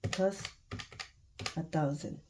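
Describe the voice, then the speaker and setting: A woman counting cash aloud for her budgeting vlog, murmuring numbers and thinking out loud. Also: deep voice, extremely slow, background noise. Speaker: budgeting vlogger.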